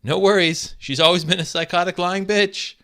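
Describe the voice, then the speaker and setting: A man's voice: high-pitched, fairly even intonation, moderate pace, bright, forceful tone, pitched above the performer's own voice. A man voicing a big, crew-cut man in a story, blunt and confrontational. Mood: backing off.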